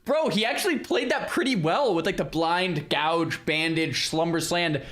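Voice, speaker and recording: A man's voice: fairly high pitch, normal speed, fairly bright tone. A man hosting a stream, chatting to viewers in casual reaction commentary, often repeating himself. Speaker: streamer host.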